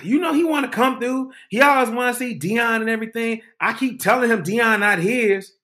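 A man voicing an angry young woman who yells at her ex in a shrill, insistent way. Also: moderate pace.

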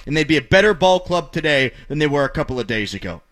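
A middle-aged man delivers opinionated sports talk as the host. His fairly high voice swings widely in pitch and has a bright, forceful edge. He rants and turns sarcastic. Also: fast talker. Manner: animated, ranting, sarcastic.

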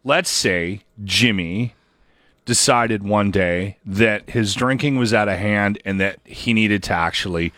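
A man hosting a casual morning radio show, chatty and animated, acting out what other people say. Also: lowish voice, slow pace, no echo. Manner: chatty, animated, acts out quotes.

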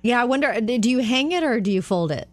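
A female radio co-host who chats brightly and laughs easily between stories. Her voice is dry and close to the mic. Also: on the high side, animated, dry recording. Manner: bright, chatty, quick to laugh. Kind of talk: casual radio chat and story reading.

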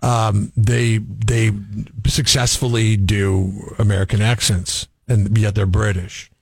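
A man co-hosting a radio morning show, chatting in an animated, opinionated way. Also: on the low side, takes it slowly, creaky, slightly rough, no echo. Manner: animated, opinionated, chuckles while talking. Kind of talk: casual radio banter.

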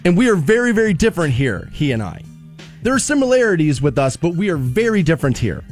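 A man hosting a radio show, chatting casually in the studio in an animated, self-mocking way and saying "dude" a lot. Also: on the high side, fast, soft background music. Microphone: studio microphone.

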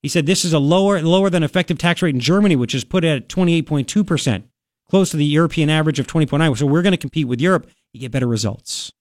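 A man's voice: fairly high pitch, fast, a little mellow, dry recording. A man hosting a talk radio show, rambling and opinionated with a sarcastic edge, speaking into a studio microphone. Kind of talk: casual talk radio commentary.

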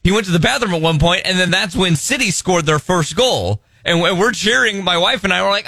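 A man's voice: sits high, fast, vocal fry, no echo. A man co-hosting a morning radio show, telling a story and acting out what people said. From Missouri. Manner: animated storytelling, acts out quotes. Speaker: radio co-host. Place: radio studio. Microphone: studio microphone.

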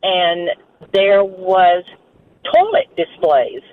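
Woman radio caller, amused storyteller, unhurried, faint noise behind. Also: on the low side, sing-song, narrow, tinny audio. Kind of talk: call-in story.

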